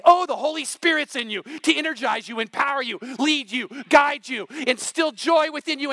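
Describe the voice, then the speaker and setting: A middle-aged male pastor preaching a sermon, impassioned and building to near-shouts. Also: extremely high pitch, normal speed, dry recording.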